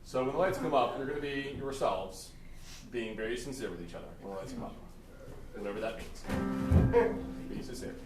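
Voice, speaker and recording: A man's voice: mid-range voice, a little fast, pauses often, over loud music. Man hosting a live improv show. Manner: loose, filler-heavy instructions to players and audience. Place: theatre stage. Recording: echoey theatre from far off, loud noise.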